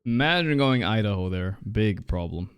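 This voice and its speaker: A man's voice: on the low side, animated, moderate pace, clear, resonant tone, no room sound. A man streaming a guessing game, talking casually to his chat, swearing and muttering to himself as he plays. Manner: muttering, profane, talking to chat while playing. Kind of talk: casual live-stream commentary.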